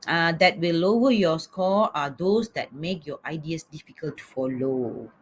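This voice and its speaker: A woman's voice: low-pitched, animated, a little slow, slightly rough. Coaxing woman teacher on a webinar. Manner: repeats "okay?" often, coaxing. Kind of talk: online lecture.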